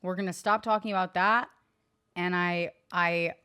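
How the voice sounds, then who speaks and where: A woman co-hosting a podcast in a studio, chatting casually and ribbing her co-host with deadpan teasing. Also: lowish voice, normal speed, clean tone. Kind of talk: casual comedic chat.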